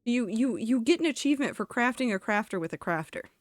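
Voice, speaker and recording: A woman's voice: fairly high pitch, animated, fast, dry recording. A woman streaming a game, chatting casually and rambling with lots of fillers. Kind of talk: casual live-stream chat while gaming.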